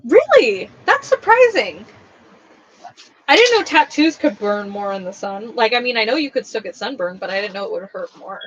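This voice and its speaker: A woman's voice: medium pitch, quick pace, few pauses, lo-fi sound, background noise. A young woman hosting a craft livestream, chatting casually and rambling with lots of fillers as she reads comments. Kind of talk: casual chat reading live comments.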